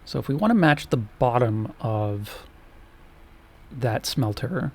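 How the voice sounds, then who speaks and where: A man's voice: medium pitch, expressive, slow, a little mellow. A man streaming a game, casually thinking aloud and muttering to himself as he plays. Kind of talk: casual gameplay commentary.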